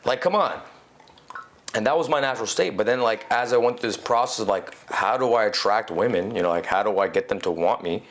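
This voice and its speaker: A man talking as a podcast guest in casual conversation, animated and swearing casually, peppering his talk with "you know". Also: lowish voice, a little fast. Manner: animated, acts out quoted inner voices.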